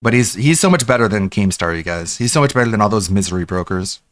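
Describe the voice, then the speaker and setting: A man's voice: on the low side, lively intonation, fast talker. A man streaming live, reacting to a show with blunt, mocking commentary.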